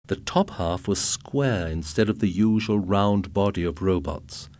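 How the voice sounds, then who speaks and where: A man narrating a story aloud in a steady reading voice. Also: low-pitched, unhurried, dry recording. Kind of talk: audiobook narration.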